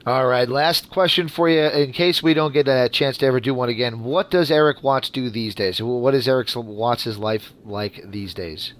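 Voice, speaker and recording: A man's voice: medium pitch, normal speed, few pauses, fairly bright tone. A man hosting a casual interview, mostly giving short encouraging reactions and questions. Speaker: interview host.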